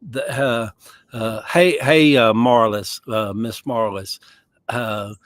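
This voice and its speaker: Slow and lowish, this man's voice carries a Southern US accent with no echo as he chats casually on a livestream outdoors in a yard. He rambles folksily, chuckling to himself along the way.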